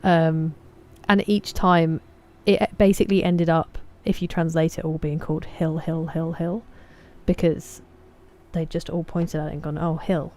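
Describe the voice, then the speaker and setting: A young Englishwoman with an English accent streams a game and chats casually with her live chat, reading out viewer names and greeting them. Her voice is deep and darkish, delivered flatly and a little slowly.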